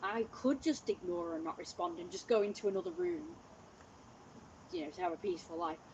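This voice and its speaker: A woman's voice: on the low side, very animated, a little fast, dark tone, highs cut off, a little hiss or hum. A woman livestreaming from home, telling a long story in casual, rambling chat full of "like" and restarts.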